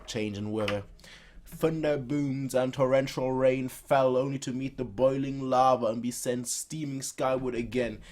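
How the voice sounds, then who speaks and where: A man hosting a casual reaction video who reads a manga aloud and makes his own sound effects in an animated way. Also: mid-range voice. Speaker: reaction channel host.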